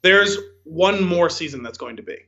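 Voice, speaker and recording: A fairly high, bright-toned man chatting on a podcast, circling through his stories with lots of "like" and "um". The audio is a little dull and lo-fi. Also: animated, moderate pace, gravelly. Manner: rambling, filler-heavy storytelling with frequent "like" and "um". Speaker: podcast co-host. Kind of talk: casual podcast chat.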